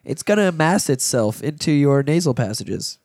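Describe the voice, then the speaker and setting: A man's voice: on the high side, sing-song, normal speed, a little mellow, no echo, clean studio sound. A man hosting a casual podcast, sniffling from a cold, talking in a loose, profane way and laughing often. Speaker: podcast host.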